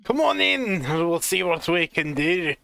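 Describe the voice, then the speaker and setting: A man voicing a small, old, bearded dwarf creature in a rough Scottish accent. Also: on the high side, sing-song, unhurried, no room sound, studio quality, pitched above the performer's own voice, heavily acted. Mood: gruff. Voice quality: rough, shouty.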